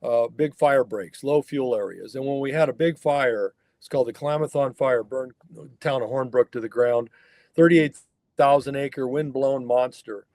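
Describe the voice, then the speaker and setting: A man's voice: medium pitch, moderate pace, darkish tone, no room sound. A man, a wild horse researcher from the northern California mountains, telling a story as a guest on a remote interview and acting out the people he quotes.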